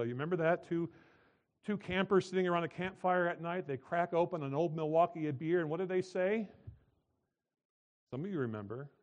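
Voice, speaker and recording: A man preaching a sermon, swinging between emphatic, loud lines and quiet, drawn-out ones. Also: mid-range voice. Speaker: pastor.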